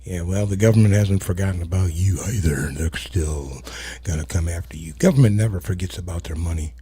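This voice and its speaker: Deep-voiced man hosting blunt commentary. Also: fairly quick, warm tone, husky. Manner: blunt, profane, laughs at own jokes; many fillers and trailing asides. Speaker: host. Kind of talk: casual commentary.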